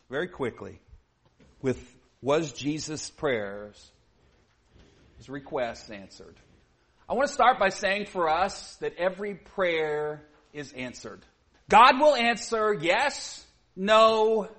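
A man preaching a sermon in a high voice. He takes his time, talking slowly and earnestly, and he often swells into emphatic stretches. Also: big pitch swings. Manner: earnest, with repeated "you see" and rising emphatic stretches.

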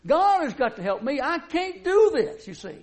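High-voiced folksy male preacher. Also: sing-song, moderate pace, a little mellow. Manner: folksy, conversational preaching with rhetorical questions. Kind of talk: sermon. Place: church service.

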